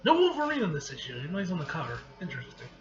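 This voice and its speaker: A man's voice: a little high, wildly swooping pitch, rapid-fire, echoey room, dull audio. A man casually reading and reacting to a comic book, laid-back and swearing freely.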